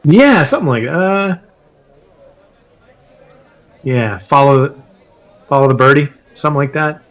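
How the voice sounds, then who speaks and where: A man's voice: on the high side, expressive, unhurried, lo-fi sound. Eager man riffing at game table. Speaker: player. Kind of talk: casual chat at a tabletop game.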